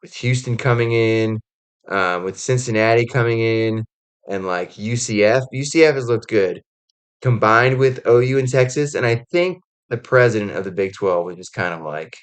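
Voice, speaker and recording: A man's voice: on the low side, moderate pace, smooth. A man giving casual college football commentary, rambling with lots of "like" and "um" and acting out quotes as he goes. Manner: rambling, heavy on "like" and "um" fillers; animated storytelling with acted-out quotes. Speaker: college football podcast host.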